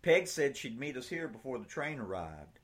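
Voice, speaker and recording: A man voicing a brisk, protective young woman schoolteacher in an audiobook, with a firm, scolding older-sister tone. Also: mid-range voice, very animated, voice pushed up, lightly acted. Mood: weary.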